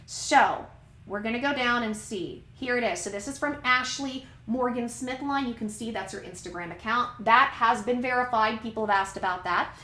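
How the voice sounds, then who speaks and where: A woman's voice: on the high side, normal speed, bright, forceful tone, roomy sound. A woman hosting casual commentary, chatting and reading documents aloud, sometimes stumbling over names and words. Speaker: commentary channel host.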